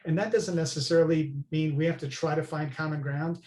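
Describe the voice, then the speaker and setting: A man talks earnestly as a podcast guest, his voice sitting a little high for a man. He stresses his points and keeps checking in with his listener. The sound has a noticeable room echo. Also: fairly even intonation, a little fast, a little mellow. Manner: earnest, emphatic, many "right?" tags. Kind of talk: conversational interview.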